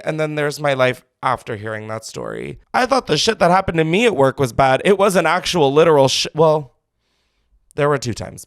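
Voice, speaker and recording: Male call-in host, fairly high and very animated voice, campy and dramatic, dry close mic. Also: clean tone, no echo. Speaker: podcast host taking calls. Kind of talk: casual call-in chat.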